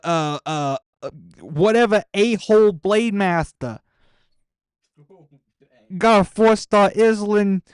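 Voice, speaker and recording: A man streaming a game live, teasing viewers about their accounts in an excitable, incredulous way, rambling and restarting when stressed. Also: high-pitched, no echo, studio quality. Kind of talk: live gaming stream commentary.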